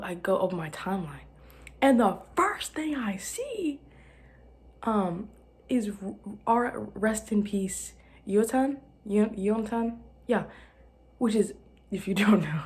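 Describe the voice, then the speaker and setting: Young woman podcaster, light Southern accent, sleepy and rambling, lower voice, whispery asides. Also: darkish tone. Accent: light Southern American. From Arkansas. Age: young adult. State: tired. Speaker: podcast host. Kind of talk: casual solo podcast rambling.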